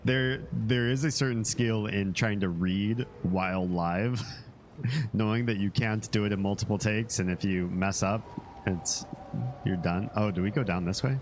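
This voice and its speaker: Streaming a game, a man from Finland and the United States chats casually, rambling, joking and swearing. His voice is on the low side and unhurried, with slight background noise.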